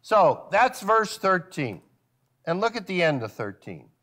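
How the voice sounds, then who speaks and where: A male pastor preaching a sermon at a church service, full of rhetorical questions and sudden drops to a hushed voice. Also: high-pitched, expressive, measured pace.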